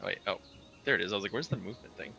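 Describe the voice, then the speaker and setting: A man's voice: fairly low pitch, rapid-fire, vocal fry, pushed and bright, poor audio. A man playing a tabletop game, talking in a polite, somewhat sheepish way. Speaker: player.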